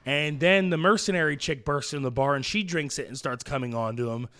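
A man co-hosting a podcast, recapping an anime episode in a rambling, jokey way with lots of fillers and quick put-on character quotes. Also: on the high side, sharp tone. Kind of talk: casual chat.

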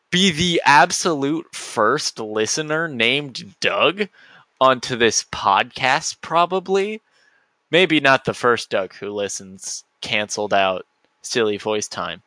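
A man's voice: medium pitch, expressive, takes it slowly, bright, forceful tone, no room sound. A man hosting a solo podcast, rambling goofily and often cutting himself off mid-sentence. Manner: goofy, rambling, self-interrupting. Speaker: podcast host.

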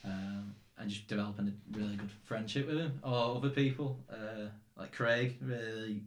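A man's voice: fairly low pitch, normal speed, roomy sound, a little hiss or hum. A young Northern English man chatting casually as podcast host, rambling and swearing freely. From England. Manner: rambling, swears, laughs often. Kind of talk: casual chat.

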